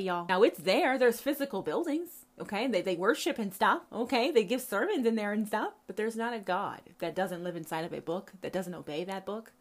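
A woman hosting a podcast, delivering an impassioned spoken sermon monologue, emphatic and profane, with repetitions and prayerful asides. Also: medium pitch. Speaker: podcast host.

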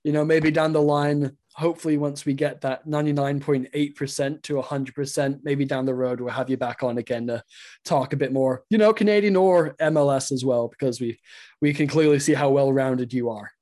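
A man's voice: mid-range voice, steady tone, a little fast, dark tone. A man from England co-hosting a casual soccer podcast over a video call, rambling with lots of fillers and frequent chuckles. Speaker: podcast co-host.

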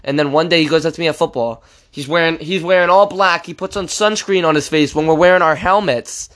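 A teenage boy with a fairly high voice co-hosts a casual podcast. He talks loosely, swears often and rushes through stories. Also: fairly bright tone. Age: teens. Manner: loose, sweary and joking, quick storytelling. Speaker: podcast co-host. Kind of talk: casual chat.

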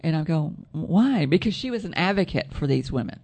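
A woman telling a personal story in casual chat, soft-voiced, rambling and correcting herself as she goes. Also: deep voice, animated, brisk. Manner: rambling, self-correcting storyteller with frequent laughs.

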